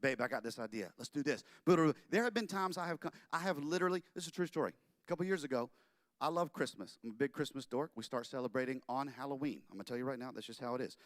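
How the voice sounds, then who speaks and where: A man giving a humorous sermon talk in a chapel, animated and full of quick jokes and asides. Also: medium pitch, dry recording, clean studio sound. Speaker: chapel speaker.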